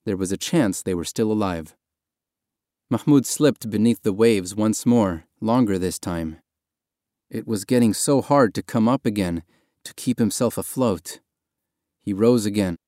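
A man reading audiobook narration in a quiet, measured, somber way. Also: fairly low pitch, no room sound, studio quality. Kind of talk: scripted narration.

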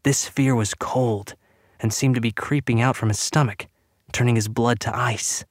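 Guy reading a story out, steady even narration, mid pitch, dry close mic. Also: normal speed, no room sound. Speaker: audiobook narrator. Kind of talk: scripted narration.

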